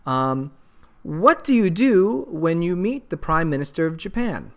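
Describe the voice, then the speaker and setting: A man's voice: on the high side, sing-song, measured pace, fairly bright tone, heavily acted. A man playing an eager dog owner quizzing his pet. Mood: coaxing.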